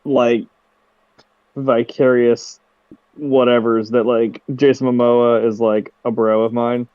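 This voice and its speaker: A man's voice: medium pitch, level tone, slow, clear, resonant tone, no room sound. A man on a casual podcast, talking in a profane, rambling and sarcastic way, with a dull, dry sound. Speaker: co-host.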